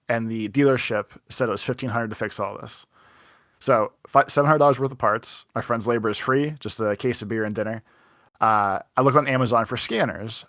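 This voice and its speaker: Chatting casually on his podcast, a young male co-host tells a rambling anecdote packed with "like" and acted-out quotes. His voice is mid-range and a bit bright, captured at studio quality with no room sound.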